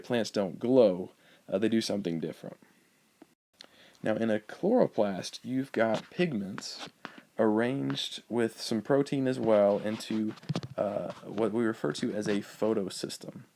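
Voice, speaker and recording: A male biology teacher giving a recorded lecture over slides, explaining in a relaxed way with frequent ums and uhs. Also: lowish voice, a little slow, gravelly, slight background noise.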